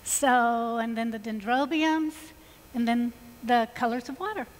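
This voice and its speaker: Woman, Georgia Southern accent, enthusiastic stage demonstrator, slightly high voice, long reverb in a large hall. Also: unhurried. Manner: chatty, enthusiastic, folksy. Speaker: floral designer presenting on stage. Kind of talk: live stage design demonstration.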